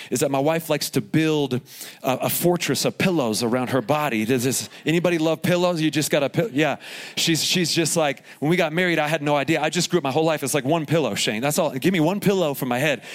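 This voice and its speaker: A man in his forties preaching a sermon at a live event, telling stories with humor and lively asides. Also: on the high side. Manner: animated storytelling with asides and humor. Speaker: pastor.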